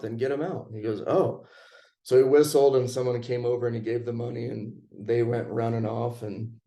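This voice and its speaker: A man's voice: mid-range voice, dark tone. A young man telling a personal story in a casual chat, laid-back and chuckling as he goes.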